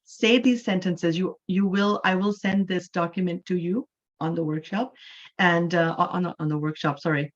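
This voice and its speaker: A woman's voice: fairly low pitch, fairly even intonation, normal speed, dull audio. A woman from Canada, a native English speaker, teaching an online English class and explaining things patiently, often checking in with "right?".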